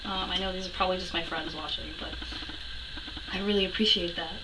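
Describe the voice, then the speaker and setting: A woman's voice: lowish voice, steady tone, fairly quick, bright, forceful tone, recorded from a distance, slight background noise, poor audio. A young woman recapping a convention in a casual vlog, gushing and breathless, with lots of restarts and casual swearing. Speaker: vlogger.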